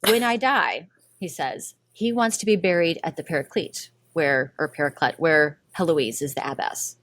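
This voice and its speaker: A woman's voice: sits low, expressive, moderate pace, fairly bright tone. A woman hosting a podcast, retelling a story in casual chat, giggly and full of "like" fillers. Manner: giggly, chatty, lots of "like" fillers. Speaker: podcast host.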